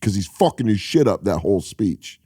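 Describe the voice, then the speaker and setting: A man's voice: lowish voice, big pitch swings, mellow, husky, dry recording, studio quality. A man chatting as a podcast guest, joking and playfully riffing on what is said. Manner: joking, playful, quick to riff. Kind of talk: casual chat.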